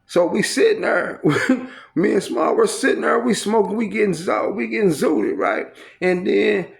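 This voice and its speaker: A man with a gravelly, fry-laden voice that sits a little high for a man. He tells a story from his time in prison casually and animatedly, full of profanity and street slang, acting out the sounds and exchanges as he goes. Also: lively intonation, a little slow. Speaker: storyteller recounting prison life.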